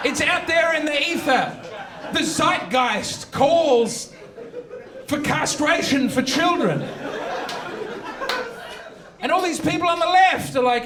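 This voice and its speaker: A brash stand-up comedian with a very high male voice who delivers provocative material with mock earnestness. He is recorded from a distance in an echoey live venue, and a crowd laughs and reacts behind him. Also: slow pace, pauses often.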